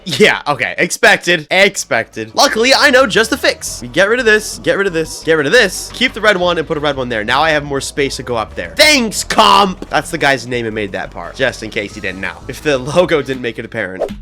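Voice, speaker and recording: A young man talks through a hard game level in bright, bouncy commentary, his pitch jumping all over as he reacts. He sounds chatty and pokes fun at himself. Faint game music plays under his voice. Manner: excitable, chatty, self-deprecating, quick exclamations. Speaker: gaming YouTuber. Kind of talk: gameplay commentary.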